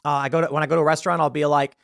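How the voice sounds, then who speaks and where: An American man hosting casual political commentary, ranting with quick laughs and frequent restarts. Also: a little high, gravelly, no room sound, clean studio sound. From United States. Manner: ranting, animated, laughs mid-sentence.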